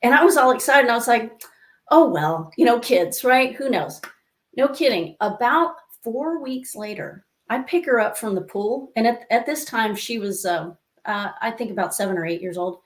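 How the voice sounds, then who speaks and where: A woman life coach telling stories as an interview guest, lively and acting out the voices she quotes, with many asides to the listener. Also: fairly high pitch, normal speed. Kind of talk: conversational interview storytelling. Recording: echoey room.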